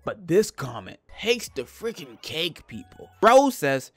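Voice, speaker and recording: A YouTuber man reading out comments, answering them with sarcastic, deadpan jokes. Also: on the high side, moderate pace, hardly any pauses, no echo.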